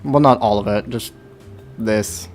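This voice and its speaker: A man's voice: on the low side, measured pace, faint music behind. A young man chatting casually on a livestream while playing, rambling and talking to himself. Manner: rambling, self-talk with hums and sound effects. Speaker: streamer.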